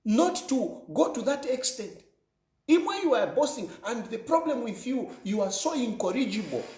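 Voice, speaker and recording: A man's voice: extremely high pitch, very animated, normal speed, a little mellow, echoey room. A Zambian man delivering an emphatic political monologue, repeating phrases for effect in an accusing tone. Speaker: political commentator.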